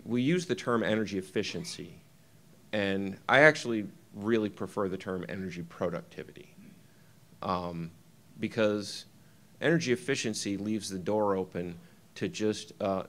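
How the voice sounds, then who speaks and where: A man with a very low voice presents a keynote at a conference. He walks through his slides with frequent ums and uhs and restarts his sentences. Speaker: keynote speaker.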